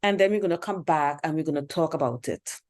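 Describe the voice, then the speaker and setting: Woman lecturing bluntly on dating, kinda low dark voice, keeps repeating herself. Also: fast talker. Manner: blunt, preachy, repeats her points. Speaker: dating advice channel host. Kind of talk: commentary on a reaction video.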